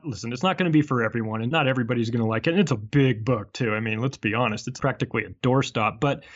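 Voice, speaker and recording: A man who is an author and podcast guest, talking in a chatty, animated way and acting out small exchanges. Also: medium pitch, rapid-fire, muffled recording. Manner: chatty and animated, acts out little dialogues. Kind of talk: casual conversational interview.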